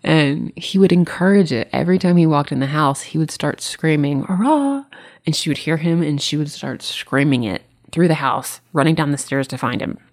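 Low, gravelly-voiced grieving woman. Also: a little fast, few pauses. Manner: candid, warm storytelling with laughs. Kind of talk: casual conversation.

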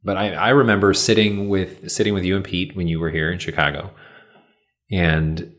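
A man's voice: sits low, steady tone, moderate pace, a bit bright. A man hosting a casual conversation, telling reflective, easygoing stories.

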